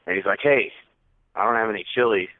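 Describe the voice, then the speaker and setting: A man's voice: fairly low pitch, fast, no echo. A young man rattles off a story, his voice jumping up whenever he acts out what people said. The sound is thin and phone-like, and very dry with no room around it. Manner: animated, acts out quotes with rising voice. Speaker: podcast co-host. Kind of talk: casual storytelling. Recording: tinny phone-like audio.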